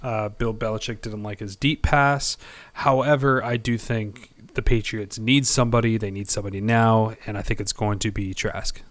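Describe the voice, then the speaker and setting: A man's voice: lowish voice, steady tone, fairly bright tone, dry recording. A man co-hosting a casual sports podcast, rambling and hesitant, often poking fun at himself. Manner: rambling, halting, self-deprecating. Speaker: podcast co-host.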